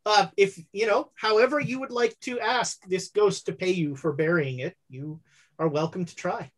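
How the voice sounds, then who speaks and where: A game master narrating a tabletop horror game, halting and full of fillers. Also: medium pitch.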